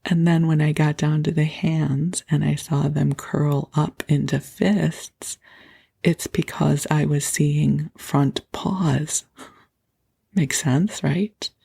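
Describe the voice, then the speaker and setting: A middle-aged woman hosting a podcast, gently telling a personal story at bedtime, with soft laughs and passages that drop into a whisper. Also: low voice, steady tone, slow pace. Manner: gentle and breathy, laughs softly, slips into whispers. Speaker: podcast host.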